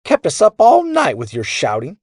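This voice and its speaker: A man's voice: a little high, wildly swooping pitch, moderate pace, breathy edge, dry recording, clean studio sound, pitched above the performer's own voice, full character voice. A man voicing a grumpy older woman neighbor who growls and scolds. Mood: scolding.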